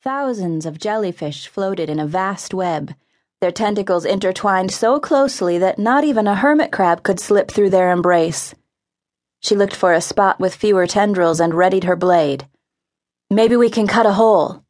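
A woman narrating a young-adult adventure audiobook, vivid and expressive in her reading. Her voice sits at an ordinary middle pitch. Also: normal speed. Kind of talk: scripted narration.

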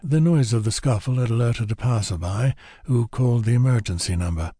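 Mellow, husky male audiobook narrator. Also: mid-range voice, fairly quick, no room sound.

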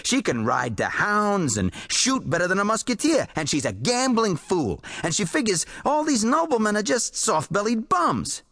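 A man voicing an excitable, boastful male pulp writer who rambles eagerly in folksy slang. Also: high-pitched, moderate pace, few pauses, dry recording, clean studio sound, pitched above the performer's own voice, exaggerated voice. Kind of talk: audiobook character voice.

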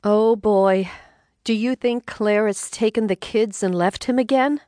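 A woman voicing a wry, sharp-tongued older mother who speaks sarcastically in a raised, exclaiming voice. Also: medium pitch, measured pace, no room sound, studio quality, pitched above the performer's own voice, natural voice. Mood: curious.

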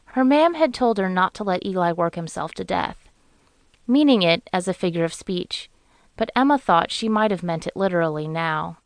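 A woman reads an audiobook in a measured, even storytelling voice, pitched on the low side. The tone is smooth and resonant, and the sound is close and dry with no room in it. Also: no echo. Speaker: audiobook narrator. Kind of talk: scripted narration.

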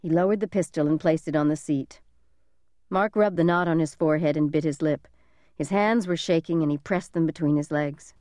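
A woman narrating a thriller audiobook in an even, measured storytelling manner. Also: fairly low pitch, dry recording, studio quality.

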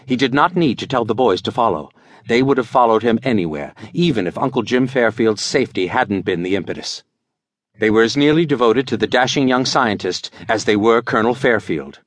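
A male narrator reads an adventure audiobook with animated storytelling. His pitch swings in lively arcs around a mid register. The studio recording is dry and close. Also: fairly quick, no room sound.

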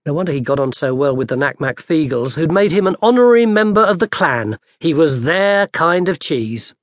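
A man narrating an audiobook in a lively, dry storytelling manner. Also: a little high, moderate pace, no room sound. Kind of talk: scripted narration.

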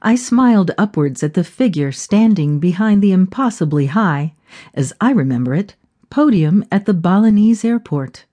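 A woman narrating a reflective audiobook in measured storytelling. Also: fairly low pitch, warm tone.

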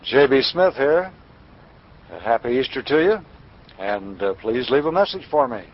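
Guy doing a polite formal answering machine greeting, mid pitch, dull tape sound. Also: expressive, normal speed, natural voice. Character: polite middle-aged man on his answering machine greeting.

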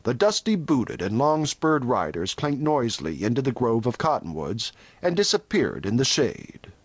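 A man narrating a novel in a measured, descriptive storytelling manner. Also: mid-range voice, sing-song, slightly rough, no echo. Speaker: audiobook narrator. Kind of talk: scripted narration. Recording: dry close studio recording.

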